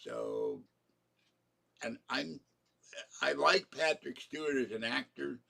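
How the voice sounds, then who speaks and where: A man's voice: medium pitch, huge pitch swings, takes it slowly, gravelly, sharp tone. An older man hosting a live stream, rambling through strong opinions in a grumbling, casual way. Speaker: channel host.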